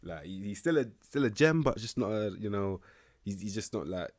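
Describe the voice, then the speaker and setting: A young man, casually rating players in a football management game, slangy and laid-back with bursts of excitement. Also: on the low side, fairly quick, no room sound, studio quality. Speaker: gaming YouTuber rating players.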